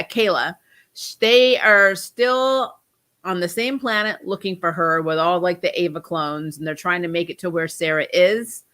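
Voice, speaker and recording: A young woman hosts a casual review chat with a bright, forward tone. Her nose is stuffed up from a cold, and she rambles along with ums and restarts. Her pitch sits in the middle for a woman. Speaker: host of a TV review channel.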